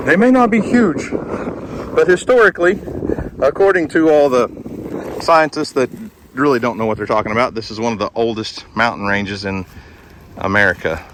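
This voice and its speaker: A man's voice: fairly low pitch, noisy background. A man vlogging outdoors as he climbs a wooded hill, out of breath and full of amazed exclamations. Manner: chatty, easily amazed, exclamations like holy moly. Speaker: homestead vlogger. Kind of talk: casual outdoor vlog, walking and talking.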